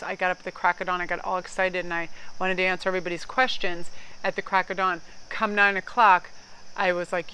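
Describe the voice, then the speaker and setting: A woman's voice: on the low side, pushed and bright, slight background noise, rough recording. A woman card reader talking casually to her viewers, chatty and rambling, gushing and swearing now and then. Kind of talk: casual vlog chat.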